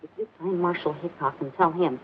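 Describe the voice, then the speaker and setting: A woman's voice: on the low side, a little fast, close to an everyday voice. An actress playing a scheming woman who feigns urgent secrecy, in 1940s serial style. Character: scheming female outlaw informant. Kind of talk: 1940s film serial acting. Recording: tinny old film soundtrack with hiss.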